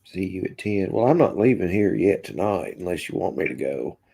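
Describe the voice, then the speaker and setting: A low-pitched, husky male voice with vocal fry and a moderate pace belongs to a livestream host from Kentucky, USA. He chats casually in a relaxed Southern drawl, reading viewer comments aloud and answering them. He sounds a bit congested and coughs now and then.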